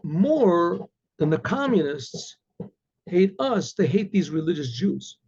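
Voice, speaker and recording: A man's voice: high-pitched, big pitch swings, slow pace, a little mellow, husky, muffled recording, heavily acted. A man voicing an old one-legged Cossack who scolds and persuades the younger soldiers. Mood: persuasive.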